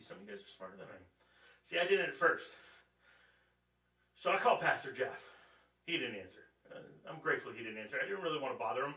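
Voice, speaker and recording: At a church Bible study, a man with a high-side, pushed, bright voice preaches in a conversational, joking way, asking his audience questions. The recording is echoey, with a distant mic.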